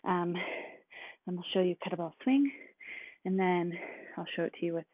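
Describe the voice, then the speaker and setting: A woman casually talking through workout moves as a fitness instructor, relaxed and chatty with many fillers. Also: lowish voice, moderate pace, no echo. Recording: tinny, dry, phone-like sound.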